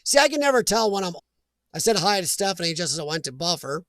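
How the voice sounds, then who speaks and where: A man's voice: sits high, sing-song, fast, fairly bright tone, no echo, clean studio sound. An American man hosting a casual live stream chat, rambling and reading viewer comments aloud.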